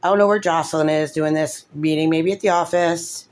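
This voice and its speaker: A woman's voice: sits low, fairly even intonation, fairly quick, a little mellow. A woman, a mother, talking through her grievances in an upset, rambling way, tearful and full of fillers. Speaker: mother in a custody case. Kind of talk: emotional vlog commentary.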